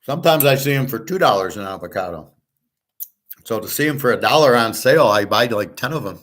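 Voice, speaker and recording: A man's voice: mid-range voice, lively intonation, brisk, a bit bright. A man hosting a casual monologue, talking bluntly and rambling, with the odd swear word. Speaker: host.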